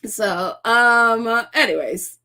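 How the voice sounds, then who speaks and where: Woman with a high voice doing a casual live chat, rambly, lots of restarts and laughing, reads out viewer comments. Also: very slow, sharp tone. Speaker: host of a live chat show.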